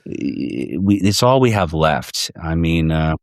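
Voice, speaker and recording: A man's voice: extremely low pitch, big pitch swings, takes it slowly, no echo, studio quality. A man talking as a podcast guest in a loose, rambling, profane casual chat, recorded in person on a handheld recorder. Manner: rambling, profane, many restarts. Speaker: podcast guest, fellow podcast host. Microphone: handheld portable recorder.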